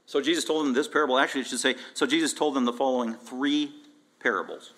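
A man preaching an expository sermon as pastor, emphatic and animated, repeating phrases and asking rhetorical questions. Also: on the high side. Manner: emphatic, animated, with frequent repetition.

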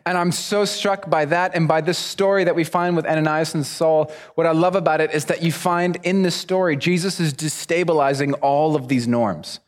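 A young man delivers a sermon as a lively story, acting out the other people's voices. His voice sits fairly high. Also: normal speed, few pauses. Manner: animated storyteller, acts out voices. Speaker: preacher.

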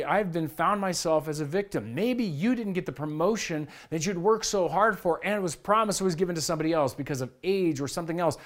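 Energetic middle-aged male pastor preaching. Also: high voice. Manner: energetic, conversational, acts out his kids' whiny voices. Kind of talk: sermon. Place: church.

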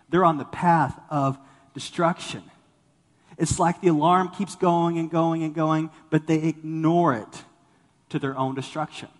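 A pastor preaches a sermon to his congregation in a church sanctuary, talking animatedly and acting out the people he quotes. His voice is a little high, and the recording has a long reverb tail.

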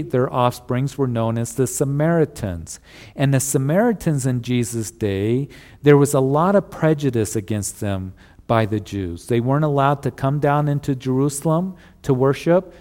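A man of middle pitch preaches a sermon, walking his listeners through scripture in an easy, storytelling way. His voice rings out with a long reverb, as in a church hall. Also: dark tone. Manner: storytelling Bible teaching, conversational asides to listeners. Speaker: pastor.

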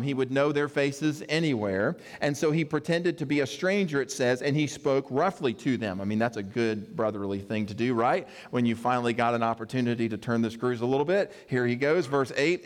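A pastor giving a sermon, reading scripture and adding conversational, joking asides. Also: male voice, medium pitch, brisk, hardly any pauses. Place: church sanctuary. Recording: echoey hall reverb.

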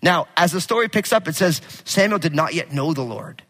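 Bright-voiced male pastor preaching in a hall. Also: on the high side, a little fast. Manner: animated storytelling, casual and joking. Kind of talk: sermon. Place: church sanctuary. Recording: long hall reverb.

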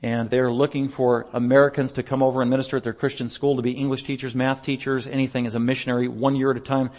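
A male pastor chatting through a slideshow report during a church service, telling stories in an animated way and laughing often. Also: mid-range voice, quick pace. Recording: long reverb of a large hall.

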